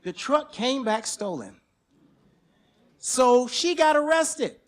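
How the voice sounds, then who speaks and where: A man telling a personal story on stage at a live storytelling event, animated and profane, at times breaking into shouts. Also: very high voice, takes it slowly.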